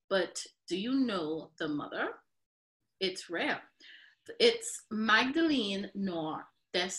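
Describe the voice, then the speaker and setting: Lively bright-voiced woman co-host. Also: medium pitch, rough recording. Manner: animated, exclaims and laughs easily. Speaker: podcast co-host. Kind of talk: reading wine facts and casual chat.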